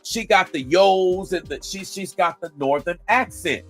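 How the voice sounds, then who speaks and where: A man's voice: high-pitched, lively intonation, unhurried, few pauses, over music. Mocking man reacting to a clip. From Georgia, USA. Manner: mocking, talks back to the clip and to chat. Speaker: commentary host. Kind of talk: reaction commentary on a played video.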